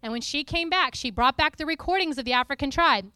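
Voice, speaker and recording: A woman preacher giving a lively, playful teaching talk to a congregation, often breaking into sung and spoken snippets. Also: high-pitched, brisk, no room sound, clean studio sound.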